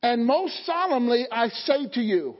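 Male pastor, very high pitch, call-and-response sermon, dull lo-fi sound with lingering church echo. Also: big pitch swings, measured pace. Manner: call-and-response preaching, rising to fervent emphasis. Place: church sanctuary. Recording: dull sound, long hall reverb.

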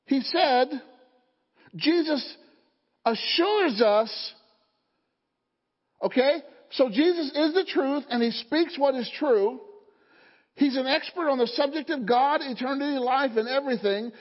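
Male pastor, very high pitch, call-and-response sermon, dull lo-fi sound with lingering church echo. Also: measured pace, long pauses. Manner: call-and-response preaching, rising to fervent emphasis. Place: church sanctuary. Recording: dull sound, long hall reverb.

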